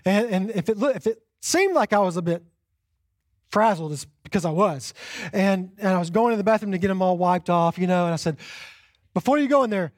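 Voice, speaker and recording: A young man, a pastor, preaching a sermon with an animated personal story and self-deprecating humor, often repeating his phrases. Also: high voice, a little fast. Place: church sanctuary.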